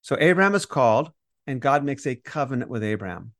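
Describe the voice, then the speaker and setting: A man co-hosting a Bible study podcast, explaining scripture in a lively conversational teaching style and acting out the quoted voices. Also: mid-range voice, a little fast, dry recording, clean studio sound. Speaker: podcast co-host teaching on Romans.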